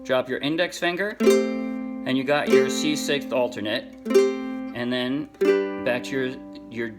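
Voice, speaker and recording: A man teaching a ukulele song in a relaxed, casual way, counting strings aloud and correcting himself as he goes. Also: mid-range voice, measured pace, over loud music. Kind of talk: casual tutorial talk. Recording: ukulele playing under the voice.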